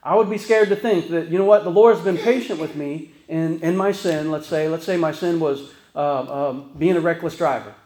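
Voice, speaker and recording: A male pastor preaches in a loose, storytelling way, often checking in with his listeners. His voice sits a little high for a man. The room rings around him like a church sanctuary. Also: fairly even intonation, moderate pace, hardly any pauses, a little mellow, roomy sound, poor audio. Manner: folksy storytelling, frequent "right?" asides. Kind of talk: conversational sermon.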